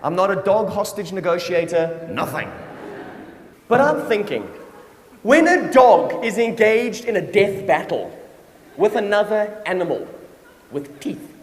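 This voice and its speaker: High-voiced comedian in a hall. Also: male voice, unhurried, long pauses, a little hiss or hum. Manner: animated storytelling, playful asides. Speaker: stand-up comedian. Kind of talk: stand-up comedy routine. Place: large hall, on stage. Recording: echoey hall, live audience laughter. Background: audience laughter.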